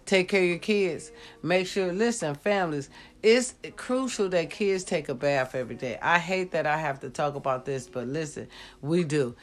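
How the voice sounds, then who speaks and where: Deep-voiced and animated at a moderate pace, a vlogger who is sick lies down and talks casually to her viewers. She is blunt and preachy, hands out life advice, swears freely, and says "y'all" a lot.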